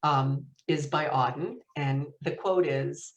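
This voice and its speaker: Middle-aged woman author, low-pitched and animated, heard from a distance in an echoey room over a video call. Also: slow pace, hardly any pauses, dull audio. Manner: lively anecdotal storyteller, laughs often. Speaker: author and guest. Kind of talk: storytelling in conversation. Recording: roomy echo, distant mic.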